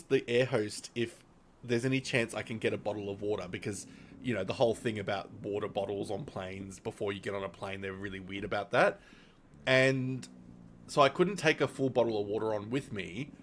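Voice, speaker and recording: A man's voice: medium pitch, big pitch swings, normal speed, slight background noise. A man streaming, telling a long personal story in casual, rambling talk full of fillers and little laughs.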